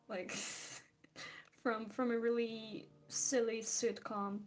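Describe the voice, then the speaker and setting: A young woman chats casually while she draws, sounding tired. Her voice sits a little high, and she talks slowly, rambling, giggling and trailing off mid-thought. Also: steady tone, a little mellow, soft background music. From Belarus. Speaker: streamer. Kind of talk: casual chat while drawing.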